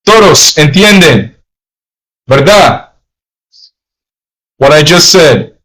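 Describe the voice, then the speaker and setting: A man's voice: a little high, lively intonation, very slow, pauses often, a bit bright, low-quality recording. A man teaching a live-streamed language lesson, patiently explaining and repeating phrases in Spanish and English.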